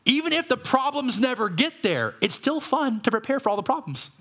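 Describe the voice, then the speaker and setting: A man's voice: very high-pitched, very animated, brisk, bright, forceful tone. A man, a pastor, preaching a conversational sermon full of rhetorical questions.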